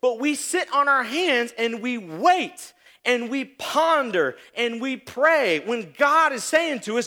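A pastor giving a lively sermon, telling everyday stories with mocking asides. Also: male voice, very high-pitched, takes it slowly. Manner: animated storytelling with mocking asides.

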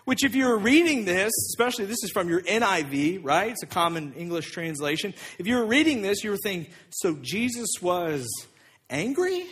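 A man preaching a sermon, moving between loud, animated emphasis and quiet, hushed passages. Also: sits high, moderate pace, husky. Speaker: pastor.

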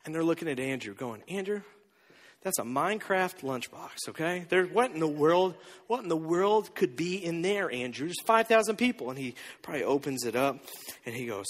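Animated preacher with a lively high voice. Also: male voice, fairly quick, long reverb tail. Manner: animated storytelling, acting out dialogue. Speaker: pastor. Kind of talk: sermon.

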